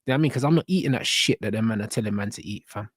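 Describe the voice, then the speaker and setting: A man's voice: fairly low pitch, very fast, no echo, studio quality. A young man, ranting bluntly with lots of slang and swearing as he reacts to a video. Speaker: reaction channel host.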